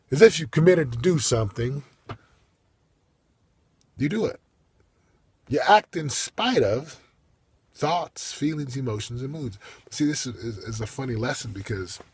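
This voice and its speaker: A man giving a motivational monologue as a coach, emphatic and preachy, with big swings in loudness. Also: medium pitch, husky, no room sound.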